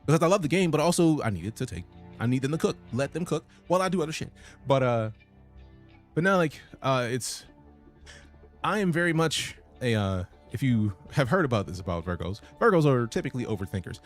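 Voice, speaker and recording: A man's voice: mid-range voice, sing-song, a little fast, faint music behind. A man streaming a game, chatting casually and profanely while reading out his chat. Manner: casual, profane, reads chat messages aloud.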